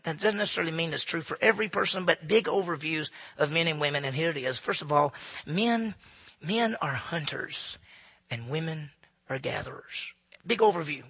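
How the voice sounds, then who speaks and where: A man gives a folksy, humorous talk to a live audience. His voice is high and bright, with a gravelly, husky edge. He keeps the crowd involved by asking them questions. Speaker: speaker addressing an audience.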